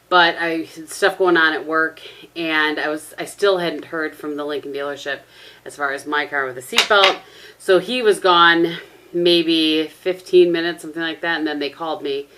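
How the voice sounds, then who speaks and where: Chatty low-voiced woman vlogging. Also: a bit bright. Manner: chatty, rambling, laughs often. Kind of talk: casual vlog chat to camera. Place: at home by her desk. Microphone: camera propped on a tissue box.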